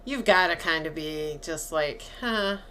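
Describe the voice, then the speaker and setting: A woman's voice: mid-range voice, expressive, unhurried, pushed and bright, slight background noise. A woman co-hosting a podcast, chatting casually and animatedly as she retells a film scene by scene. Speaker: podcast co-host. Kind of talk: casual chat recapping a film.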